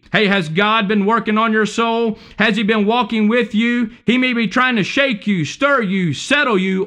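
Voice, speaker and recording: A man's voice: sits high, pushed and bright. A man preaching a sermon, fervent and emphatic, repeating and stacking alliterative points, with many restarts.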